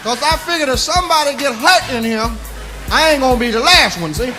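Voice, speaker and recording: A man's voice: very high-pitched, lively intonation, brisk, music in the background. A man telling a raunchy comic story in a sing-song, drawling way, often breaking into laughter.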